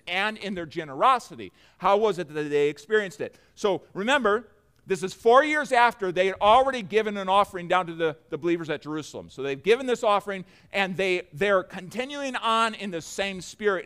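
A man's voice: high voice, a bit bright. A male pastor preaching a sermon in an earnest manner, repeating phrases and calling on the congregation to respond.

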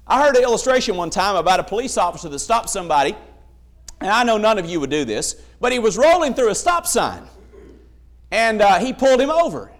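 A man's voice: sits high, sing-song, brisk. A man preaching a sermon, emphatic, telling stories and acting out the voices in them.

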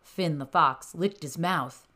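A woman narrating a children's bedtime story in a gentle, expressive way. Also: sits low, slow pace.

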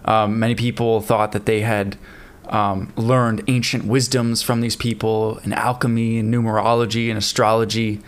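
A man's voice: lowish voice, moderate pace, clean tone. A man casually telling a history story to a friend on a podcast, with plenty of fillers. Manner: relaxed storytelling with fillers and laughs. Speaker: podcast co-host.

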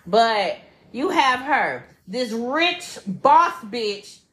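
A woman's voice: fairly high pitch, drawn-out words. A young woman co-hosting a podcast, chatting casually with lots of swearing and laughter. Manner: animated, profane, laughs often. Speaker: podcast co-host. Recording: echoey room.

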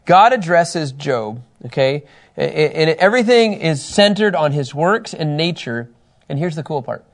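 Male Bible teacher, slightly high gravelly voice, reads verses and quizzes his class with energy. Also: moderate pace. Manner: animated, reads scripture aloud and asks class questions.

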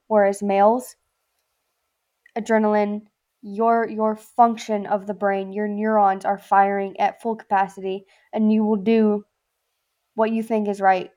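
Her voice is medium-pitched and warm, carrying a Southern accent. This ex-Marine podcast guest chats casually, speaking bluntly and emphatically with plenty of profanity.

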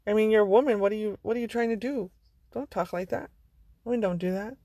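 A woman's voice: mid-range voice, fast talker, dark tone, no room sound, studio quality, natural voice. A woman putting on a condescending man who belittles women, in a scoffing, patronizing manner.

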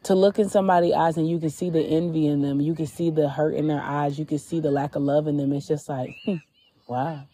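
A woman's voice: low voice, level tone, mellow, breathy edge. A woman hosting a podcast, candidly and reflectively telling her personal faith testimony. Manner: candid and reflective, with drawn-out pauses. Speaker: podcast host.

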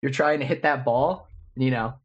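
A man's voice: mid-range voice, fairly quick, slightly rough, lo-fi sound. A man in his twenties, co-hosting a podcast, rambling through a casual story full of fillers. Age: 20s. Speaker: podcast co-host. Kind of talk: casual chat.

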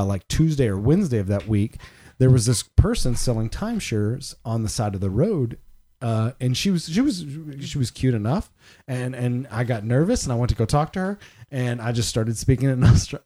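A man's voice: mid-range voice, lively intonation, normal speed, mellow. A young adult man, a podcast co-host, telling a long rambling anecdote in casual chat and laughing as he goes. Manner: rambling anecdote teller, laughs mid-sentence.

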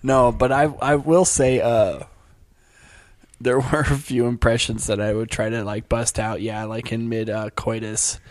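A man's voice: little pitch movement, unhurried. Joking man on a casual podcast. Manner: joking, bursts into high mock voices. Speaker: podcast host, stand-up comedian. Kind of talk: casual comedic podcast chat.

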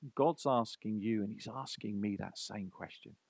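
A man's voice: lowish voice, moderate pace, gravelly, dry recording. Dynamic male preacher, dry sound. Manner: dynamic, swinging from loud emphasis to hushed near-whisper. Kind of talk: sermon.

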